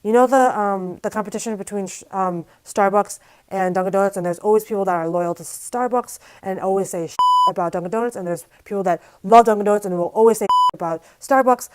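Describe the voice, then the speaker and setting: A woman vlogger telling a story to camera in a casual, animated, exasperated way, with lots of "like". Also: medium pitch, quick pace, poor audio. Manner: casual, filler-heavy speech with frequent "like".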